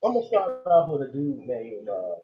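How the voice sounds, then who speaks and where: A man's voice: mid-range voice, huge pitch swings, normal speed. A man co-hosting a podcast, starting a casual, profane story. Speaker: podcast co-host. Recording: tinny phone-like line.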